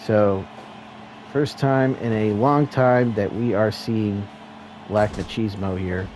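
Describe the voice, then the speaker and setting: A man hosting and calling a wrestling video game match as a solo play-by-play commentator, with excitable calls and joking asides. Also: on the low side, slow pace, soft background music, low-quality recording. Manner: excitable play-by-play, rising to shouts at near-falls; self-deprecating asides.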